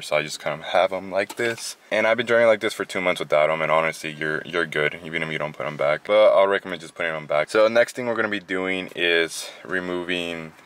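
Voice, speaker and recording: A man with a low, clean-toned voice hosts his car channel, walking through a casual how-to. He's relaxed and chatty, leaning heavily on fillers and sounding a bit out of breath.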